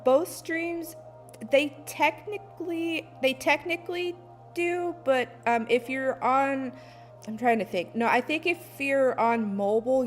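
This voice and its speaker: A woman streamer chatting casually to her viewers while fixing her stream settings, laughing at herself and humming as she works. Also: a little high. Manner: self-deprecating, giggly, hums to herself while fiddling with settings. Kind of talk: casual live-stream chat. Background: soft lofi music.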